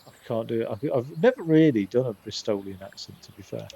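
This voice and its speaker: A man's voice: medium pitch, animated, brisk, creaky, few pauses, dark tone, husky. A man rambling in casual gameplay commentary, often stopping and restarting his sentences. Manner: rambling, self-interrupting chatter. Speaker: streamer.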